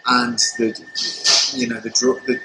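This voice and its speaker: A man's voice: medium pitch, level tone, slow. A man in his thirties, a chef guest on a podcast, chatting casually and rambling with many fillers and restarts. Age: 30s. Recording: echoey room with background noise.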